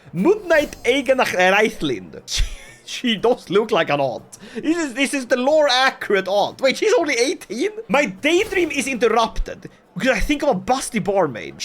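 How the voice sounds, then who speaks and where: Woman laughing thru her game commentary, jumpy voice all over the place, kinda high. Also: normal speed. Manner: excitable, jokey, laughs often, swings from shouts to mutters. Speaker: gaming video host. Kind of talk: comedic gameplay commentary.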